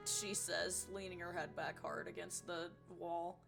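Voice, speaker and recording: A woman's voice: lowish voice, steady tone, unhurried, vocal fry, music in the background. A woman narrating a tabletop game as game master in a plain, matter-of-fact way.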